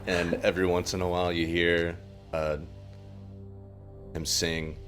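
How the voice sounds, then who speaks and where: Deep, slow-talking game player. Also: male voice, little pitch movement, a bit bright, soft background music. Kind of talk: casual game talk.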